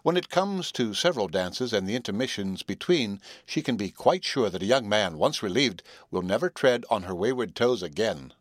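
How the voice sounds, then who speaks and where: A man reading a story aloud as narrator, in a measured, even way. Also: fairly low pitch, dry recording, studio quality. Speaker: audiobook narrator. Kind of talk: scripted narration.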